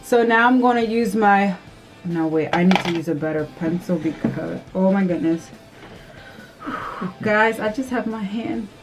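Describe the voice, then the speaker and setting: A woman vlogger chatting casually through a makeup tutorial, nervous and excitable, gasping and squealing often. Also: mid-range voice, unhurried, over music. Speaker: beauty vlogger.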